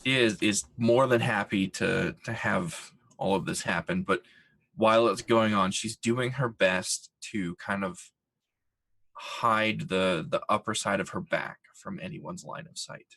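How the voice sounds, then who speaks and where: Player man, low and gravelly, hesitant with drawn-out phrasing. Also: steady tone, fairly bright tone. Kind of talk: describing his character in a tabletop game.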